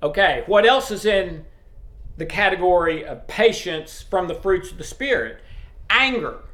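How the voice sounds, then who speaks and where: A man's voice: high-pitched, animated, a little slow, a bit bright. A middle-aged man giving a sermon in a plain conversational teaching way, often checking in with his listeners. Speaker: preacher. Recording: roomy echo.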